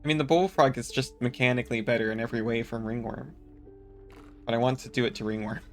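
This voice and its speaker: A man's voice: mid-range voice, steady tone, fast talker, faint music behind. A man casually commenting on a video game as a streamer, joking and chatting with viewers.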